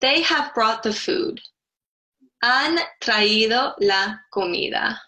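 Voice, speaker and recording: Woman teacher, unhurried, careful step-by-step explanations for a recorded lesson. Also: fairly high pitch, lively intonation, bright, forceful tone, poor audio. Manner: slow, careful explanations with spelled-out letters. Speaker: Spanish teacher. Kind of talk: online grammar lesson.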